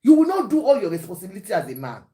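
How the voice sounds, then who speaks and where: A woman's voice: medium pitch, wildly swooping pitch, rapid-fire, warm tone. A Nigerian woman hosting a talk show, giving preachy, emphatic commentary to her panel and often switching into Yoruba.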